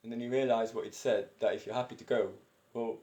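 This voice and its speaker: A man's voice: mid-range voice, steady tone, fast, dark tone. A breathless man in his fifties, chatting in a rambling, eccentric way and chuckling often as he talks to camera. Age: 50s. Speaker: vlogger. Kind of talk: casual personal monologue. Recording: roomy echo.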